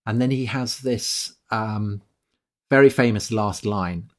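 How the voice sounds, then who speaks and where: A man co-hosting a history talk, halting and repeating words before reading quotations with emphasis. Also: fairly low pitch. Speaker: podcast co-host. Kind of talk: conversational history chat.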